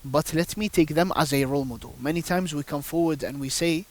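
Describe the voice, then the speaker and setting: Man, panel guest, religious storytelling, emphatic, rhetorical questions, somewhat high voice. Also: fairly quick, no room sound.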